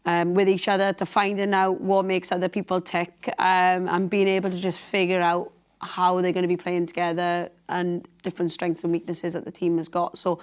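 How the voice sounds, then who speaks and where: A woman's voice: on the low side, completely flat delivery, moderate pace, clear, resonant tone. A woman football pundit chatting casually, thinking aloud with many fillers. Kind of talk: casual chat.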